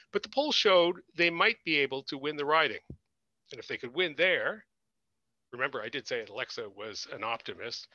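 Bright-voiced male author reading aloud. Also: fairly high pitch, dry recording, lo-fi sound. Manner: measured, expressive reading. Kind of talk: reading from his book aloud. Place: at home for an online launch.

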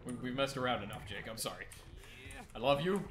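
A man giving playful, chatty gameplay commentary, teasing other players and squealing up high when he goofs around. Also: expressive, a little fast, a crowd in the background. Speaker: gaming streamer. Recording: roomy sound with audible background noise.

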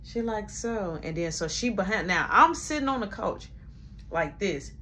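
A young woman tells a casual storytime, keeping a middle pitch. She animates every quoted line as she goes. A faint room hum sits under her voice. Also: expressive, normal speed, bright, forceful tone. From Chicago, USA. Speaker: storyteller vlogger.

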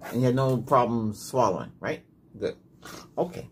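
Man in a soft whispered role-play as a doctor. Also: medium pitch, animated, normal speed. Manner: soft, patient, gentle instructions. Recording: noisy hiss and clicks.

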